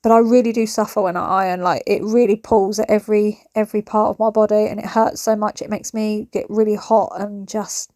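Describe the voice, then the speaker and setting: A woman's voice: mid-range voice, level tone, a little fast, few pauses, warm tone, no echo, clean studio sound. A woman, chatting her way through housework in a home vlog, ranting and joking about her day in a family kitchen. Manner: chatty, ranting, self-mocking. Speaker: vlogger. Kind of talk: chatty cleaning vlog narration.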